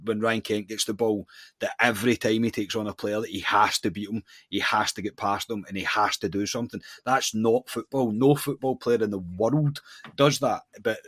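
A Scottish man co-hosting a casual football podcast, his voice sitting fairly low. He gives his views firmly and keeps restarting mid-sentence. The sound is dry and close, with no room around it. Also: steady tone, normal speed, fairly bright tone, no echo. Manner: opinionated, with restarts. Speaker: podcast co-host.

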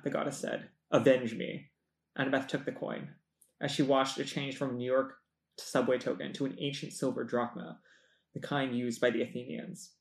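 A man co-hosting a book podcast, reading a passage aloud in a steady, measured way. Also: medium pitch, reverberant.

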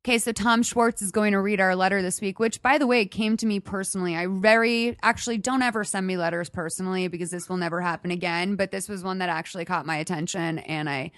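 A woman's voice: medium pitch, fairly even intonation, fast talker, few pauses, a bit bright, dry recording, clean studio sound. A woman hosting a podcast, giving blunt, profane advice in casual chat. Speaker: podcast host.

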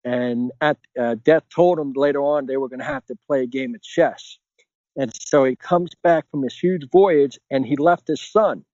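A middle-aged man talks in a loose, earnest way, circling his points with lots of filler words. His voice sits at an ordinary pitch. The recording is dry and a bit dull. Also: normal speed, a little mellow, no room sound. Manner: rambling, heavy on filler phrases, earnest. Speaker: podcast guest. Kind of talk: casual conversational interview.

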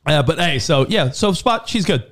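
A man's voice: a little high, lively intonation, moderate pace, creaky, fairly bright tone. A man co-hosting a casual podcast chat, telling a story with lots of fillers and restarts. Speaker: podcast co-host.

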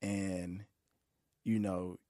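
A man hosting a podcast, asking questions in a relaxed, warm, casual way with slang. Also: low-pitched, extremely slow, dry recording, studio quality. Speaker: podcast host. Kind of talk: casual interview chat. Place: recording studio.

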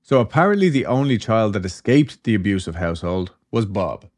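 A man's voice: lowish voice, sing-song, brisk, a little mellow. A man hosting a podcast, telling a story in a loose, chatty way, with swearing and asides. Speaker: podcast host. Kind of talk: casual storytelling chat.

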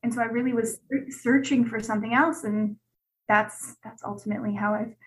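Chatty woman guest, slightly high voice. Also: steady tone, a little fast, low-quality recording. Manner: chatty, peppered with "like". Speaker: guest, gut health specialist. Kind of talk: candid conversational storytelling.

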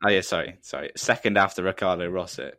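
A man's voice: low-pitched, fast talker, gravelly, pushed and bright, no echo, studio quality. A man co-hosting a podcast, chatting casually in a rambling, self-deprecating way with frequent laughs. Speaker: podcast co-host. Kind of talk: casual chat.

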